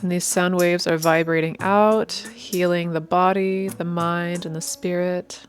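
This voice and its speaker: A woman leading a guided meditation, giving calm, unhurried, inviting instructions over soft instrumental music. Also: fairly low pitch.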